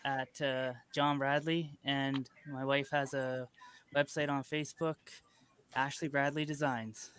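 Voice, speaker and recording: A man's voice: medium pitch, little pitch movement, measured pace, a bit bright, clear, resonant tone, no room sound. A man from Canada with a Canadian accent, a panel guest on a live stream, friendly and easygoing with brief replies.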